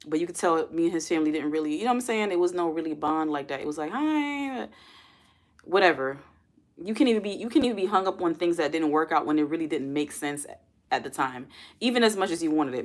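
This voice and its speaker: A young woman talks casually on her own livestream, her voice sitting a little low. She rambles easily, calls her viewers y'all and keeps tossing questions to the chat. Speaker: livestream host.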